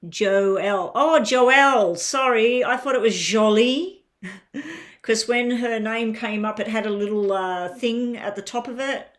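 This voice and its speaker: A woman's voice: on the high side, unhurried. A woman with an Australian accent giving a live-stream tarot reading, chatting and thinking aloud as she lays out the cards. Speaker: tarot reader.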